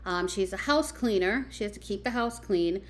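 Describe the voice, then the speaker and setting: A woman speaks in a measured, even tone, addressing men with pointed questions. She lays out her points as long lists, one item after another. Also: medium pitch. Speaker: commentary host. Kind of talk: reaction commentary.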